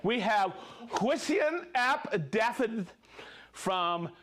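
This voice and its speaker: Live stream host, male, upbeat reader of viewer shout-outs, high lively voice. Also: very slow. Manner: upbeat, reads viewer names and places, jokes and laughs. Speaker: livestream host.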